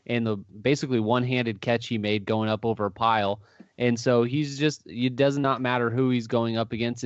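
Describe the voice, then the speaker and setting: A man's voice: lowish voice, smooth, no echo, muffled recording. A man co-hosting a casual podcast, explaining his views earnestly in long runs. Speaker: podcast co-host.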